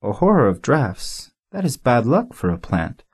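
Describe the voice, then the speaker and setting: Male reader doing a gentle, earnest boy prince, sincere and rueful, lively in pitch, storybook read. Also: normal speed, slightly rough. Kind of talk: audiobook character voice.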